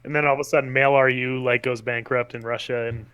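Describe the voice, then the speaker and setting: Bright-voiced easygoing male streamer. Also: mid-range voice, flat delivery, fast, smooth, lo-fi sound. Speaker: guest streamer. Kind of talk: casual gaming live stream chat.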